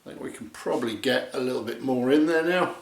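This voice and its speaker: A man's voice: medium pitch, fast, creaky. A man hosting a casual review vlog, talking to the camera in a chatty, jokey way. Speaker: beer reviewer, channel host. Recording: echoey room.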